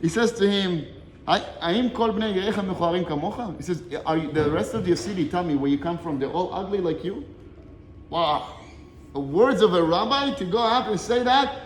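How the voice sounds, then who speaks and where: A man teaching a quick Torah lesson, his voice pitched high and his words tumbling out fast. He retells an old story with lots of animation, dropping into Hebrew quotes and then explaining them in English, all in a room with a long, ringing echo. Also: slight background noise.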